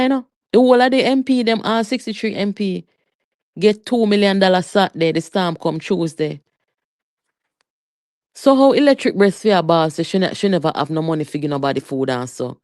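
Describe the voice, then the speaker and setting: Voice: mid-range voice, normal speed, no echo. Jamaican streamer going off about politics, patois and english mixed, dry close sound, talks right at the chat. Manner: animated, heated, mixes Patois with English, talks straight to viewers. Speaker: political commentary livestreamer. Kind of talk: live political commentary rant.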